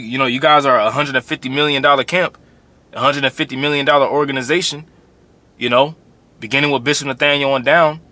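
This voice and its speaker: A man's voice: mid-range voice, pushed and bright. A man giving a blunt, confrontational preaching commentary, often repeating phrases as he builds his point. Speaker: religious commentator.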